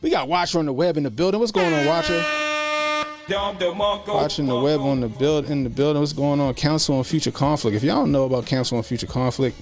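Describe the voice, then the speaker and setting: Man, livestream host, gravelly mid voice, slangy relaxed banter, faint music under. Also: fairly high pitch, fast. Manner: laid-back slangy banter, laughs often. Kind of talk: casual livestream chat.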